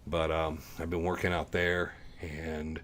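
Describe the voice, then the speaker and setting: Deep-voiced man chatting on a livestream. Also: flat delivery, a little slow, fairly bright tone, slight background noise. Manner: rambling, chuckling, easygoing. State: a bit low on energy from the heat. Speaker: livestream host. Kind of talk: casual chat reading live comments.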